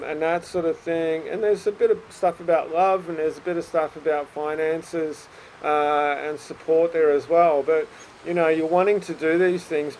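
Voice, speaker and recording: A man's voice: on the high side, darkish tone, a little hiss or hum, rough recording. A man giving a casual, encouraging spoken psychic reading to viewers, with many fillers and little acted bits of self-talk. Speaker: psychic reader.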